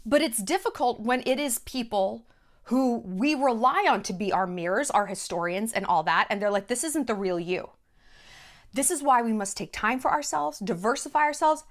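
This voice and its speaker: A woman vlogger talks straight to camera with a fairly high voice that swoops up and down a great deal. She is blunt and emphatic, swears without a second thought, and drives each point home with short, punchy repeats. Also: a bit bright. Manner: blunt, emphatic and freely profane. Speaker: vlogger host. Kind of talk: direct-to-camera monologue.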